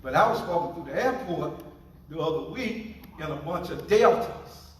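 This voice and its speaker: A man's voice: a little high, lively intonation, normal speed, very echoey, recorded from a distance, a crowd in the background, poor audio. A man preaching a sermon as pastor, playful and joking with his congregation.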